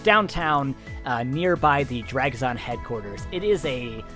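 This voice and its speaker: A man's voice: mid-range voice, lively intonation, a little slow, music in the background. A man narrating a tabletop game as game master, stammering and repeating words.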